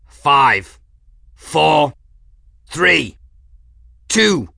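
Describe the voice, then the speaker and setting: A man voicing a gruff, hard-driving male ship engineer who shouts orders and growls. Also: lowish voice, moderate pace, no echo, studio quality. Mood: bellowing.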